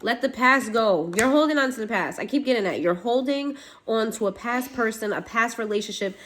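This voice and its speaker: A woman's voice: fairly high pitch, lively intonation, a little fast, fairly bright tone. Blunt woman giving a tarot reading. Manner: blunt, swears, laughs, talks straight to viewers. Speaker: tarot reader. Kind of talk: casual tarot reading to camera.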